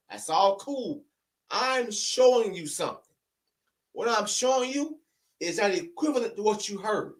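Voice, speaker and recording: High-pitched man ranting to camera. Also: expressive, unhurried, distant mic. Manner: argumentative, repeats rhetorical questions. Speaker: online commentator. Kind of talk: heated opinion rant to camera. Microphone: camera-facing recording.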